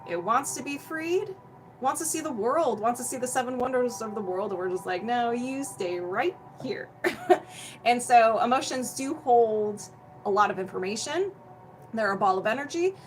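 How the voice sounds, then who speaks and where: A woman's voice: a little high, lively intonation, moderate pace, a little hiss or hum, poor audio. A young woman hosting a casual energy healing livestream at home, bubbly and chatty, greeting viewers by name and laughing often, feeling hot and sweaty. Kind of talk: casual livestream chat and explanation.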